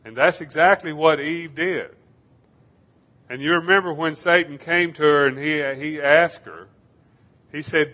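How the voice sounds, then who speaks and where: A man preaching a sermon, slowing down to stress key phrases in a measured, emphatic delivery. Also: a little high, pushed and bright. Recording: dull lo-fi sermon recording.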